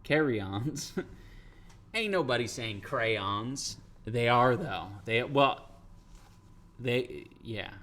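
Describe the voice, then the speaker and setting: A man livestreams, chatting casually and profanely with viewers, rambling and reacting to chat. His mid-range voice is expressive and fairly bright, very slow, with frequent pauses.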